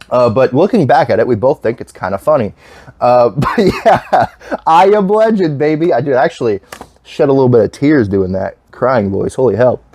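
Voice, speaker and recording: A man's voice: medium pitch, a little mellow, no room sound. Guy rambling about his collection, swears constantly, trips over his words, dry close sound. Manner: rambling, swears a lot, many restarts. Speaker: vlogger. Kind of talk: casual chat.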